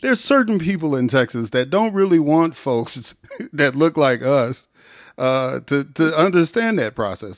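A man's voice: fairly high pitch, sing-song, a little slow, dry recording. Guy hosting a podcast, joking and kinda sarcastic, dry close mic. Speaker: podcast host. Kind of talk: conversational interview.

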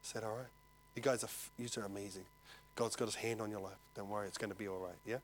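A man, a lay preacher giving prophetic words and an animated personal testimony. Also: fairly low pitch, fast talker, a little hiss or hum. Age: 40s. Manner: animated storyteller, swings from soft personal words to loud exclaiming.

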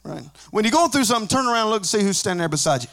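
A man preaching a sermon as a pastor, mixing joking asides with rising, shouted, sing-song preaching. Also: high-pitched, animated, very fast, gravelly. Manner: conversational asides with humor.

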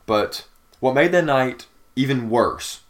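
Co-hosting a podcast, a young man rambles through a lengthy story in easygoing conversation, piling on fillers and starting over often. His voice is medium in pitch with lively intonation, delivered at a slow pace.

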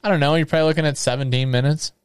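A man's voice: on the high side, fairly even intonation, racing, clean tone, no echo, clean studio sound. A man co-hosting a podcast, chatting casually and trading short agreeing replies. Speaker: podcast co-host. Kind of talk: casual chat.

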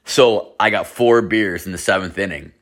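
Male podcast host with a low voice, telling a rambling, profane story in casual chat. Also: moderate pace, fairly bright tone. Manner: rambling, heavy swearing, lots of fillers.

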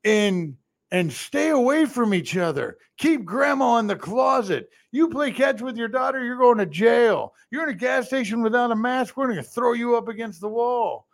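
A male podcast host doing a live political talk monologue, animated and sarcastic, ranting and slipping into mocking impressions. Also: very high-pitched, normal speed, creaky.

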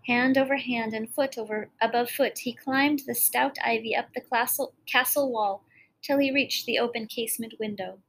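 A woman's voice: on the high side, steady tone, normal speed, a bit bright, low-quality recording. A woman narrating a fairy tale expressively, with dramatic storybook reading.

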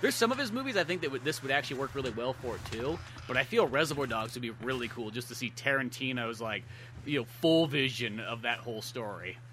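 A man co-hosting a podcast in casual chat, animated and acting out scenes in quoted voices. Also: mid-range voice, fast talker, a little hiss or hum. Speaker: podcast co-host.

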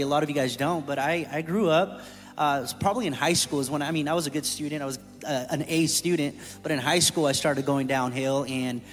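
A man tells his story of faith from a church stage, candid and conversational, with a slightly high voice. His words ring through a large hall with long reverb, and soft music plays underneath. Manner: candid, storytelling, jokes with the room. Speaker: church staff speaker. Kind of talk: testimony sermon. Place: church sanctuary.

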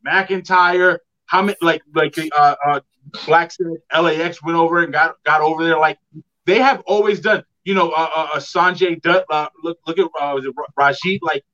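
A man in a casual podcast chat who pauses to search for names and words. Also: a little high, a bit bright. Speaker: podcast guest. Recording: dull lo-fi audio.

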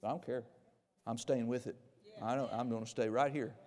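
A pastor in his forties preaching a sermon, with emphatic loud bursts that drop into quiet, close asides. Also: medium pitch, steady tone, moderate pace, long reverb tail. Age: 40s.

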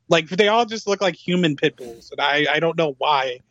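A man's voice: on the high side, a bit bright, muffled recording. A man co-hosting a casual chat show, making wry, joking asides. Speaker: podcast co-host.

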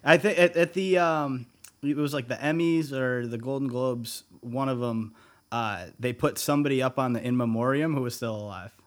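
A man co-hosts a podcast in casual chat, halting and full of fillers. His voice sits at a middling pitch. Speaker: podcast co-host.

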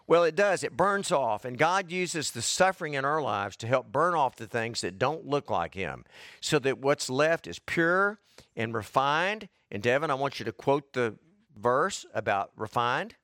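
A man's voice: mid-range voice, sing-song, a little slow, a bit bright, dry recording, clean studio sound. A man preaching a sermon, folksy and conversational, building to emphatic repeated lines, his voice a little worn and short of breath. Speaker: pastor.

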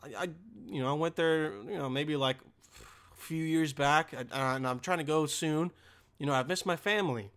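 A young man from Bosnia telling a crude, exasperated comic rant, breaking into sudden high-pitched outbursts. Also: normal speed, fairly bright tone, clear, resonant tone. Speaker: comedian. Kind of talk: stand-up style ranting monologue.

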